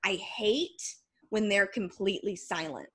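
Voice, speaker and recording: A woman's voice: mid-range voice, measured pace, a bit bright, slightly rough. A young woman guest on a podcast, bantering frankly and laughing in casual chat.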